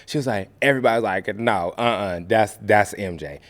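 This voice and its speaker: A man from the American Midwest, a podcast guest and actor, telling a story in a relaxed way and acting out the voices of the people in it. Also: on the low side, brisk. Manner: animated, acts out quoted voices. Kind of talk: casual storytelling.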